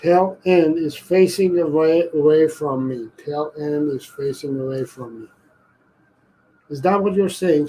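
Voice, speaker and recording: Male dog trainer on a live stream; slightly higher voice, unhurried delivery, careful explanations with frequent restarts. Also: mellow, breathy edge, rough recording.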